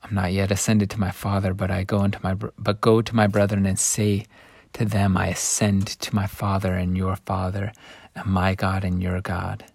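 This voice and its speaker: Soft solemn teacher figure, read by a man, low quiet voice, dry close mic. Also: monotone, moderate pace, gravelly, slightly rough, no room sound, exaggerated voice. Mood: gentle. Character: calm, gentle risen teacher speaking softly.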